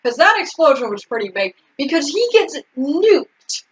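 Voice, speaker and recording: A woman's voice: sits high, very animated, moderate pace. A woman co-hosting a casual recap chat, chiming in with quips and questions. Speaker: podcast co-host. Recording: dull lo-fi recording.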